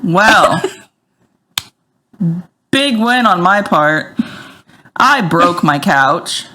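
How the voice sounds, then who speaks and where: A woman in her thirties co-hosting a casual podcast, telling animated stories with sound effects. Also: on the low side, extremely slow. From United States. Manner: animated storyteller, acts out scenes with sound effects. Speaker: podcast co-host. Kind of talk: casual chat.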